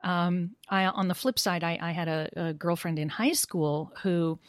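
A woman in casual discussion, speaking in a measured, thoughtful, academic way. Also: lowish voice, steady tone, dry recording, studio quality. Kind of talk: casual discussion on teaching pronunciation.

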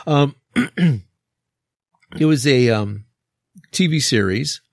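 A man who teaches English chats on a casual podcast in a slow, gravelly, medium-pitched voice. The studio sound is clean with no room echo, and he rambles with many fillers and restarts, laughing often.

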